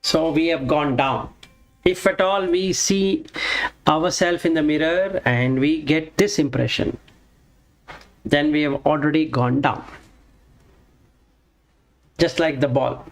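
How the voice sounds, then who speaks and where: A man giving a slow lesson on a Sanskrit scripture, chanting each verse and then explaining it word by word. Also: on the high side, poor audio. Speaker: Vedanta teacher.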